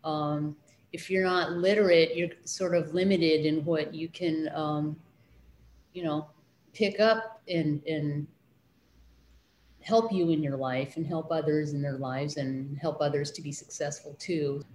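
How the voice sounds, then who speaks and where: A woman's voice: low voice, fairly even intonation, unhurried, darkish tone, roomy sound, slight background noise. A middle-aged woman, a children's librarian, recalling her studies in a casual interview, hesitant with many fillers and restarts.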